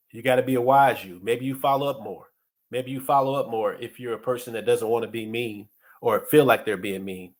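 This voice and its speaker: A middle-aged man hosting a podcast, giving casual motivational leadership advice in an earnest way, often restarting and repeating words. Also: medium pitch. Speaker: podcast host and leadership coach.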